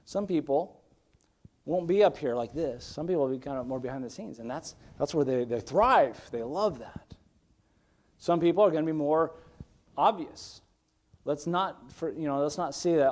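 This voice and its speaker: A man preaching as a pastor in a church, earnest and conversational, moving between emphatic bursts and quiet asides. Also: on the high side, animated, normal speed. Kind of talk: sermon. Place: church sanctuary.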